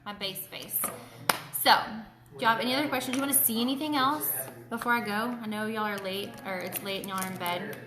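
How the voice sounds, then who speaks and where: A woman's voice: mid-range voice, fast talker, a crowd in the background. Chatty woman with a roomy echo. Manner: chatty, greets viewers by name. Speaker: beauty host. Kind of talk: casual live makeup tutorial.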